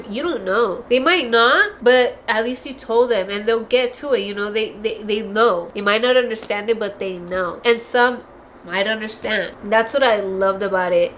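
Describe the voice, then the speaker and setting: A woman's voice: medium pitch, a little hiss or hum. A woman talking to her viewers in a casual book review, candid and emotional, swearing freely, repeating words for emphasis and close to tears. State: tearful, close to crying. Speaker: book vlogger.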